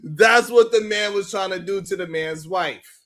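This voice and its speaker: Male live-stream host, high voice, slow delivery, slangy and mocking, laughs a lot, greets chat viewers by name. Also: pushed and bright. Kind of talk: casual live-stream commentary.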